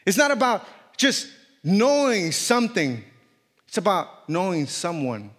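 In a church hall with long reverb, a man with a non-native English accent preaches a sermon in a high, very animated, fairly bright voice, going a little slowly. He reads scripture aloud, then hammers his points home through repetition and rising emphasis, joking self-consciously about his accent.

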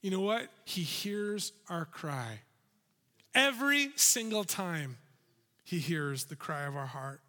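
A pastor preaching with animated urgency, his voice pitched high and ringing bright. A long hall reverb trails behind each phrase in the sanctuary. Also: slow pace. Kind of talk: sermon.

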